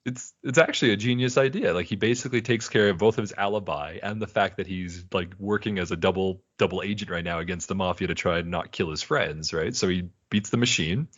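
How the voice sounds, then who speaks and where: A man's voice: sits low, brisk, few pauses, no room sound, highs cut off. A man co-hosting a podcast, rambling through a casual episode recap and slipping into character quotes. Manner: rambling, animated retelling with put-on character quotes. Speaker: podcast co-host.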